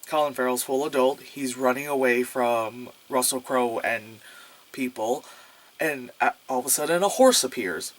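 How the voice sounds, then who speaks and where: A man's voice: medium pitch, fairly bright tone. A man giving a casual movie review, rambling and sarcastic, full of filler words and swearing. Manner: swears freely.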